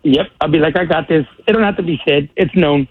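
A man calling in to a radio show, laid-back, with short answers and a gravelly, husky voice over a phone line. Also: on the high side, fast, a little hiss or hum. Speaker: caller. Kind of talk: call-in radio chat.

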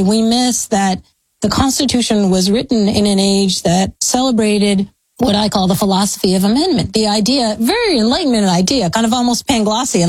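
A woman's voice: fairly high pitch, no room sound, low-quality recording. An American woman historian giving long, thoughtful, academic answers in an interview. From United States. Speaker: historian, guest. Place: speaking from a law school.

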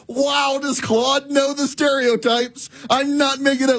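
A talk show host with a flat, slightly bright delivery speaks unhurriedly with few pauses, and there's no echo. In a casual, ranting monologue he tells stories, sounding exasperated and emphatic, repeating points for effect. He laughs mid-sentence and breaks into high-pitched exclamations.

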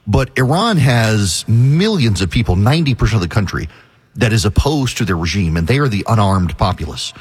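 A man's voice: on the low side, very animated, a little fast, breathy edge. A middle-aged man hosting a call-in radio show, slightly out of breath, talking in a rambling way with wry asides. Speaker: radio talk show host.

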